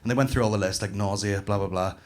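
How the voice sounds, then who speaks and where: A Northern Irish man in his thirties performs a stand-up set on a comedy club stage, telling animated stories with plenty of swearing. His voice is on the low side and fast.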